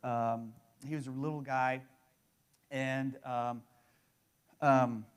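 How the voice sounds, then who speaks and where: A man's voice: medium pitch, steady tone, slow, clean tone. A man in his thirties preaching a sermon in a conversational way, often restarting and checking in with the listeners. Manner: conversational, repeats words and restarts, fills with "right?". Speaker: pastor.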